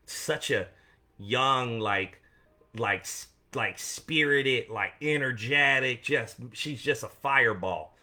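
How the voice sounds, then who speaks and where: Bright, upbeat man rambling on a live stream. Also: lowish voice. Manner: warm and encouraging toward viewers. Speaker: coach and host of a weekly live show for veterans. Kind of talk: casual motivational live-stream talk.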